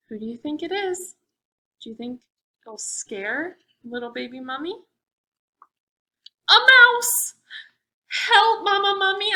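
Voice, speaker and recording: Reading aloud at a preschool storytime, a woman librarian brings the story to life and asks the children questions. Her voice is bright and sits high, and she takes her time. The recording quality is low.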